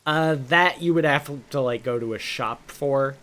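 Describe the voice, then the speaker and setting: A man's voice: mid-range voice, moderate pace, fairly bright tone. Chatty man running a tabletop game. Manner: loose and chatty, heavy on filler words and swearing. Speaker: game master. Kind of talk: casual tabletop game narration.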